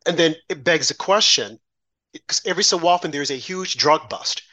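A man's voice: on the high side, expressive, moderate pace, pushed and bright. Impassioned man ranting on a talk show. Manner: impassioned, ranting with rhetorical questions. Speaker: co-host. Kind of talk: political commentary show.

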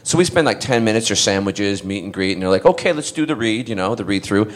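A middle-aged man born in Scotland telling a convention anecdote, animated and acting out the other people's voices, laughing often. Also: lowish voice, quick pace. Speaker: actor telling convention stories. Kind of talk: casual convention panel anecdote.

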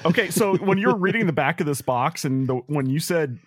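Higher-voiced man chatting on a podcast. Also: expressive, fairly quick. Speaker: podcast co-host. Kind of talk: casual podcast chat.

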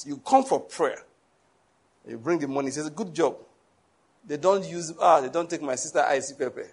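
Laughing pastor with a husky voice. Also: male voice, a little high. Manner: lively preaching with laughter and asides to the congregation. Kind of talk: sermon.

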